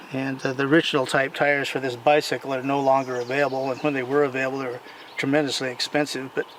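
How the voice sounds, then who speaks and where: Outdoors, a man casually shows off his old bicycles and tells stories in a rambling, folksy show-and-tell. His voice is medium-pitched and fairly bright, picked up by a distant mic with clear outdoor noise.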